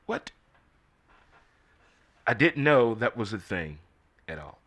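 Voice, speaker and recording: Man, middle-aged, lively bright voice, casual solo commentary, incredulous questions. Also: medium pitch, slow pace, long pauses. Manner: animated, incredulous rhetorical questions. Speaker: host.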